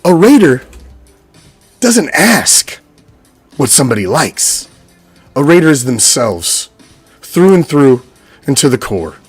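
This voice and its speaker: Profane, heated American fan ranting. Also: male voice, fairly high pitch, very animated, slow pace, pauses often, slightly rough, soft background music. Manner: profane, heated, repeats himself. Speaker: podcast host, sports fan. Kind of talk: unscripted fan rant.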